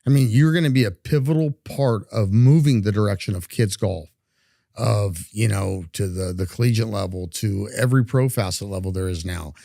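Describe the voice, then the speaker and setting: Gravelly low-voiced male host. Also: moderate pace, warm tone, dry recording, studio quality. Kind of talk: interview praise.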